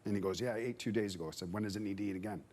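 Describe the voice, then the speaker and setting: A man in his forties, a former player on a sports panel, telling a lively anecdote and acting out the voices of the people in it. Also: lowish voice, racing. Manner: animated anecdote teller, acts out dialogue. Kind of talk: casual storytelling on a sports panel.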